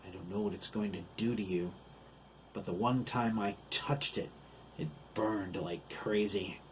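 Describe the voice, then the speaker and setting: A man's voice: on the low side, measured pace, a little hiss or hum, lightly acted. A man voicing a cruel male giant who taunts and gloats over his captives. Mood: menacing. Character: gleeful cruel male giant, sneering villain.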